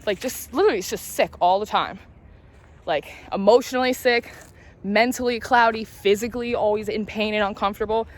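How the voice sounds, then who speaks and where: Her medium-pitched voice runs a little fast as she walks and vlogs. She's a tarot reader and spiritual vlogger in her late twenties, rambling through candid stories, confiding and swearing occasionally.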